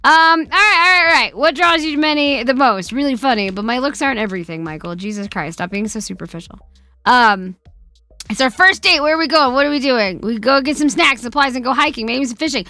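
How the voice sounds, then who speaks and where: Bright, profane woman streamer. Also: high voice, animated, fairly quick, no room sound, faint music behind. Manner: profane, teasing banter; reads viewer questions aloud and answers them. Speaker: streamer host. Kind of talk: casual live-stream chat.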